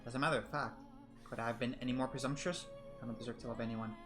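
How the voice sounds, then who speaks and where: Male let's-play reader, mid-pitched, soft and reflective, music faintly underneath. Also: steady tone, racing. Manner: soft-spoken, reflective, with chatty asides. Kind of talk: reading a visual novel aloud with commentary.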